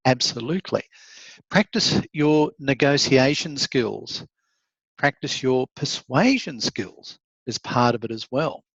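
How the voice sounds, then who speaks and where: A man teaches law in an online session. He reads out comments from his students and answers them warmly, often laughing as he goes. His voice sits at an ordinary pitch, and the recording is dry and a little muffled. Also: expressive, takes it slowly, slightly rough, no room sound. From Australia. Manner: encouraging, conversational, laughs often. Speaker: law lecturer. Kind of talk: online lecture, reading student chat comments aloud.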